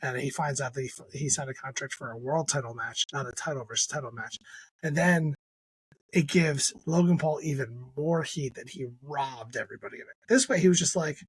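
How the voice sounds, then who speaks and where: A man's voice: mid-range voice, brisk, breathy edge, no echo. A man co-hosting a podcast in casual chat, ranting emphatically and critically, often restarting his sentences. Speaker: podcast co-host.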